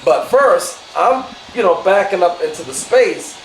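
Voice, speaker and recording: A man's voice: high voice, animated, a little slow. A man telling a story at a family gathering, explaining it carefully and saying "you know" often. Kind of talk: casual storytelling. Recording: roomy, with faint noise.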